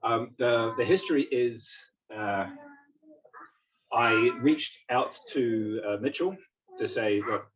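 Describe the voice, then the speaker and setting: A man's voice: mid-range voice, takes it slowly, a little hiss or hum. Man with an English-tinged accent, roomy hall. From New Zealand. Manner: chatty, self-deprecating, hesitant. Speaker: guest speaker, physics lecturer. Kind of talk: public talk to a community gathering. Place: meeting house. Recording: roomy hall, distant mic.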